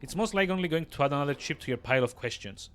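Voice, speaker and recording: A man's voice: on the high side, expressive, very fast, fairly bright tone. A man voicing a sly, cackling old midwife from a game, in a teasing old-timey dialect. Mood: gruff. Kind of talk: reading game dialogue aloud.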